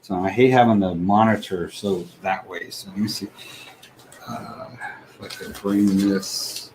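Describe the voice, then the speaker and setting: A man hosting a livestream, chatting casually and haltingly as he thinks aloud with frequent fillers. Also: low-pitched, steady tone, darkish tone, slight background noise, low-quality recording. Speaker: livestream host. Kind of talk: casual stream setup chat.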